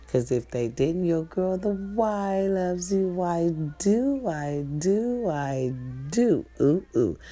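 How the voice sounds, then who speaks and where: Gravelly-voiced woman giving blunt advice. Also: low voice. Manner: profane, blunt, animated preaching. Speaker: vlogger. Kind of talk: casual advice rant to viewers.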